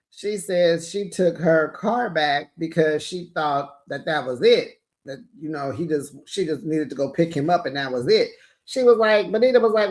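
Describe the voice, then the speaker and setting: A woman hosting a casual reality TV recap, sassy and slangy, talking straight to her viewers. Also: fairly low pitch.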